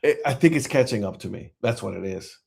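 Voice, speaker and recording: A man's voice: mid-range voice, expressive, brisk, creaky, darkish tone. A man co-hosting a casual chat podcast, talking in a loose, rambling way with many fillers and restarts. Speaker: podcast co-host.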